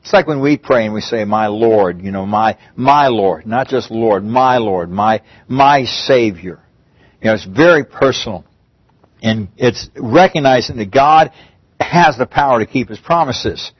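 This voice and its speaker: A man's voice: mid-range voice, unhurried, breathy edge, dry recording. A man preaching a sermon in a conversational way, restarting phrases and lifting his voice on emphatic pleas, recorded with a dull, muffled sound. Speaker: pastor.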